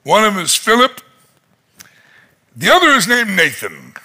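Male conference preacher, high and lively, slow dramatic delivery with shouted peaks, husky edge. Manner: dramatic retelling with voiced quotes; shouts in climactic moments. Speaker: pastor. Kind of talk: sermon. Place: conference hall.

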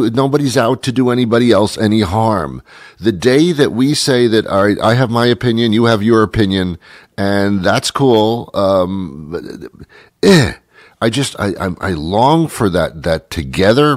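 A man's voice: lowish voice, animated, unhurried, no room sound, clean studio sound. A man hosting a talk show, musing aloud in a rambling monologue with frequent stammered restarts, while he has a cold.

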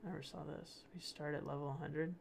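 A man's voice: fairly high pitch, little pitch movement, fast talker, vocal fry, a little hiss or hum. A young man hosting his channel, rambling casually through posts, laughing often and stumbling over words. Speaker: channel host. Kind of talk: casual commentary reading posts.

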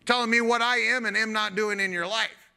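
A man's voice: sits high, expressive, moderate pace, sharp tone, voice pushed up, exaggerated voice. A man voicing God as an indignant, confrontational figure who challenges a complainer.

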